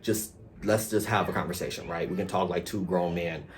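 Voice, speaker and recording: A man casually recapping a reality TV episode, chatty and animated, acting out quotes and swearing freely. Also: deep voice, fairly quick, a little hiss or hum.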